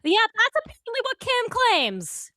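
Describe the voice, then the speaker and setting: Bright high-voiced woman co-host. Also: huge pitch swings, unhurried, no echo. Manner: teasing, correcting. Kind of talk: casual commentary chat.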